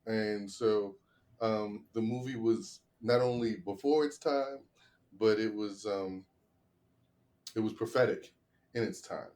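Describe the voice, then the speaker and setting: A man, a comedian, arguing the defense in a comedy podcast mock trial, halting with many repeated starts. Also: fairly low pitch, a little mellow.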